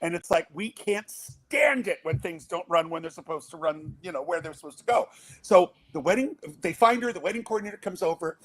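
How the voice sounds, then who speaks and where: An older man with a notably high speaking voice tells a rambling podcast story. He acts out each quoted line as he goes. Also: brisk. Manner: animated storyteller acting out quotes. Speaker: guest, father of the groom.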